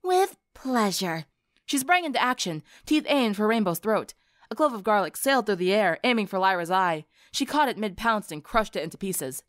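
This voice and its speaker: A woman narrating a story for an audiobook in an expressive storytelling manner. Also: mid-range voice, a little fast, dry recording, clean studio sound. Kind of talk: audiobook narration of fan fiction.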